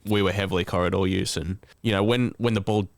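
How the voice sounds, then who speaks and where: Low-voiced measured man. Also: steady tone, dry recording. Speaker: podcast co-host. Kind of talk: casual sports podcast chat.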